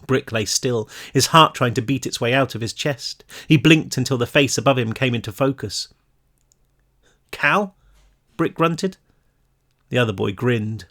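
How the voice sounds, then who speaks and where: A man, the author, reading his own novel aloud in a home-recorded read-through, emotional and rising in pitch at tense moments. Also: normal speed, few pauses, a bit bright. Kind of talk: audiobook-style reading.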